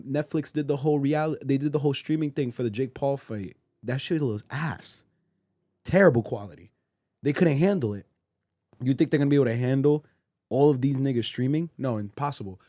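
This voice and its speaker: A man's voice: mid-range voice, darkish tone, no room sound, studio quality. Blunt emphatic podcast man. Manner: blunt, emphatic, profane opinions. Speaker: podcast co-host. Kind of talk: casual podcast chat.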